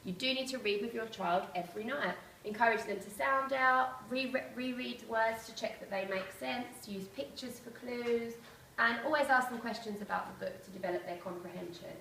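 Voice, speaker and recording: Teacher in an echoey room. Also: female voice, on the high side, pushed and bright, recorded from a distance, a little hiss or hum. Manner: clear, explanatory, spells out letters slowly. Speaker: primary school teacher. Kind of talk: presentation to parents.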